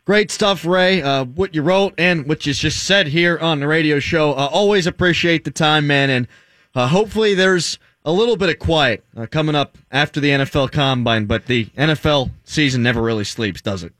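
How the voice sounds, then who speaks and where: A man's voice: fairly high pitch, normal speed, a bit bright, dry recording, studio quality. A man hosting a sports radio show, ranting sarcastically in casual talk.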